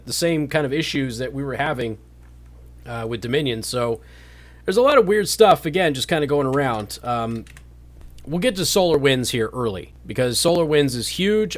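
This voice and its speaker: A man hosting a talk radio show from a studio, speaking emphatically and repeating words for stress. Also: fairly high pitch.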